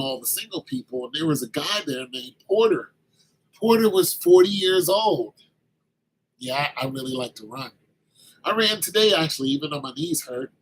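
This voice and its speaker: A man in his late fifties telling a story from his army days in a casual, animated way, acting out the other people's lines. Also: on the high side, slight background noise, poor audio. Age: 50s. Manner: animated, acts out quoted dialogue.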